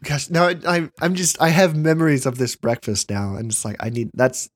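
A man's voice: fairly high pitch, flat delivery, normal speed, dry recording, clean studio sound. A man in casual chat among friends, telling stories with frequent laughter and acted-out quotes. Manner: storytelling, laughs often, acts out quoted voices. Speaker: podcast co-host.

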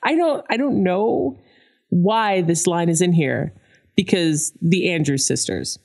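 A woman co-hosting a podcast speaks slowly in a lowish voice with vocal fry. She casually recaps a cartoon episode, animatedly acting out the characters she quotes and laughing along the way.

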